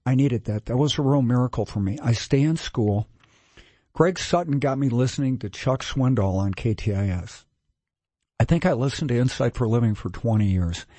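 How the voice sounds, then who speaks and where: A man's voice: mid-range voice, moderate pace, no echo. Candid older man telling his story. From Minnesota, USA. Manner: candid, self-mocking, animated storyteller. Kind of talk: casual storytelling.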